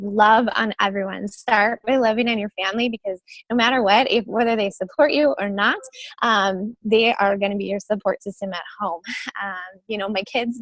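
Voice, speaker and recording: A woman's voice: medium pitch, no echo, rough recording. A young woman on a video call giving an emotional, gushing motivational sales talk, with frequent ums. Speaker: guest speaker on a team call.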